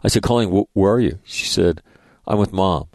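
A man's voice: deep voice, moderate pace, darkish tone, no echo. A middle-aged man hosting a radio show, telling rambling, profane anecdotes and acting out the dialogue in a casual monologue.

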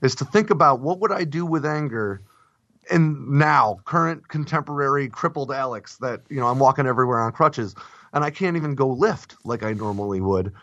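A man's voice: mid-range voice, expressive, brisk, a bit bright, no echo. A man hosting a casual podcast conversation, speaking in a reflective, plain-spoken way. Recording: dull, lo-fi dry recording.

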